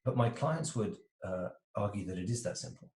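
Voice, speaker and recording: Lively man explaining, roomy echo. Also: on the low side, normal speed, distant mic. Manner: animated, acts out little voices of quoted types. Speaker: interview guest, relationship coach. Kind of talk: explanatory interview talk. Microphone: video call.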